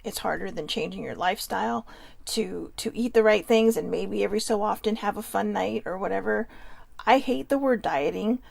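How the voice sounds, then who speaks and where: A woman's voice: mid-range voice, moderate pace, gravelly. A middle-aged woman hosting a vlog, talking earnestly and confessionally to her viewers in real time, sometimes reading their comments aloud. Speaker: vlog host. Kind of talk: emotional personal livestream talk.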